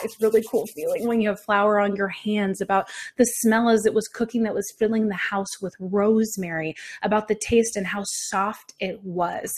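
A woman hosting a podcast, giving a motivational teaching talk in an upbeat, direct way, with deliberately varied, sing-song intonation. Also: mid-range voice. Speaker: podcast host and visibility coach.

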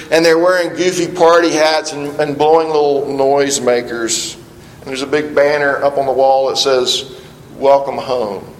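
A middle-aged pastor preaches an earnest sermon in a slightly high voice, often doubling back on his words. He sounds roomy and reverberant, as if in a large sanctuary, with a faint rumble underneath.

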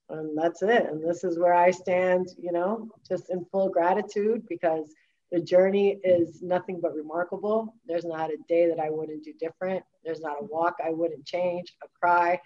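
A woman's voice: on the low side, fairly even intonation, normal speed, a little mellow, highs cut off. A woman guest, a wellness coach, telling her personal story candidly in conversation, emphatic and full of filler words and restarts.

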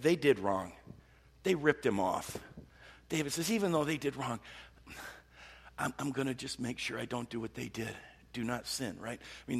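Gravelly husky preacher in a reverberant hall. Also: male voice, medium pitch. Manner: earnest, repetitive, stumbling restarts, drops to soft voice. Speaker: pastor. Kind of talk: sermon.

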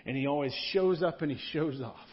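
A man's voice: fairly high pitch, expressive, fairly quick. A man, a pastor, preaching a sermon in a church room in a conversational style, repeating key words for emphasis. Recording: dull lo-fi sound.

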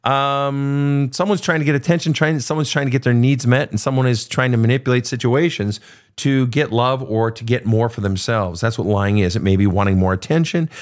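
A man's voice: mid-range voice, fairly quick. A middle-aged man hosting a podcast, giving blunt, profane advice to listener questions in a casual monologue. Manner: blunt, profane, animated storytelling.

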